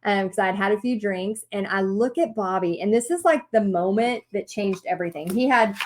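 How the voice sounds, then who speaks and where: A woman telling a personal story to an audience in a lively way, acting out what people said. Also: mid-range voice, normal speed. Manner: animated storytelling with acted-out quotes. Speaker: paint party business teacher.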